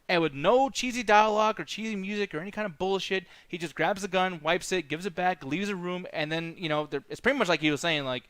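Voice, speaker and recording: A man's voice: high-pitched, fast talker, few pauses, a bit bright, clear, resonant tone, dry recording. A man co-hosting a podcast, chatting casually in a rambling, profane way with lots of fillers. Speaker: podcast co-host. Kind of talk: casual chat.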